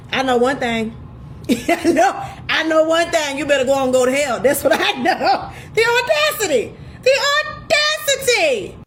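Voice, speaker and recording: A woman reacting in a casual way, laughing through her words with drawn-out exclamations. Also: sits high, sing-song, a bit bright, slight background noise.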